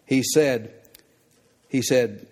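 A man's voice: medium pitch, extremely slow, a little mellow. A man preaching a sermon in an easy, conversational way, walking through a scripture passage and repeating key phrases for emphasis. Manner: plain conversational preaching with restarts and emphatic repetition. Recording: long hall reverb.

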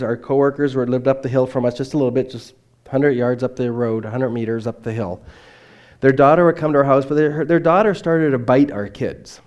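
An earnest male missionary preaches at a mid-range pitch, sharing personal stories with conviction. Some lines come out loud and emphatic while others drop almost to a murmur, and the recording has a lo-fi quality.

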